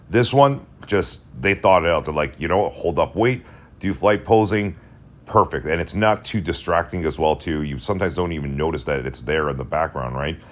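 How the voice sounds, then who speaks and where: A man's voice: low-pitched, a bit bright. A man doing a casual voice-over for a toy review, gushing with enthusiasm and talking straight to his viewers.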